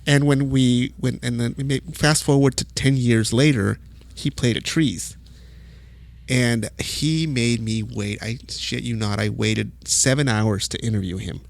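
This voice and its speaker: A middle-aged man from El Paso, a music photographer, telling stories as a podcast guest in a casual, profane, animated way. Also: medium pitch, unhurried, creaky. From El Paso, Texas. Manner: profane, animated storytelling with acted quotes. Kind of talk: casual storytelling.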